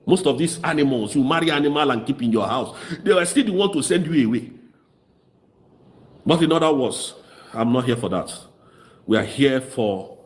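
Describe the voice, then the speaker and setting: Fiery Nigerian Igbo man, lively pitch. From southeast Nigeria. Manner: mocking, impassioned, switches into Igbo. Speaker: political commentator. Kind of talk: fiery political commentary.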